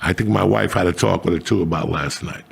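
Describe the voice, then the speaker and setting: A man's voice: low voice, fast talker. A middle-aged man hosting a podcast, telling crude, rambling stories full of swearing. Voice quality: gravelly. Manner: profane, rambling, animated. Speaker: podcast host. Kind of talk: crude casual storytelling.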